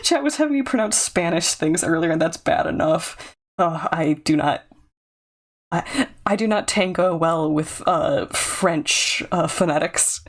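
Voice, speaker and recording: A woman's voice: lowish voice, lively intonation, measured pace. A woman streamer in casual chat, laughing often as she talks. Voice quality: laughs often between phrases.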